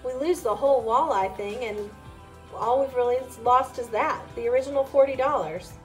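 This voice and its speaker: A woman's voice: high-pitched, normal speed, faint music behind, natural voice. A woman voicing an earnest, wry young boy who asks plain questions.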